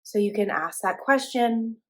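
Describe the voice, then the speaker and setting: A young woman teaching a spiritual class in a relaxed, chatty way, with many fillers and restarts. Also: a little high, measured pace. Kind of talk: casual spoken class.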